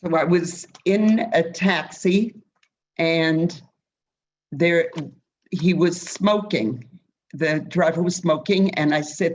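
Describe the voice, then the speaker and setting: Woman, slow and loud, faint hiss behind, storytelling guest. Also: low voice, muffled recording. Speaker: participant. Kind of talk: telling a short anecdote.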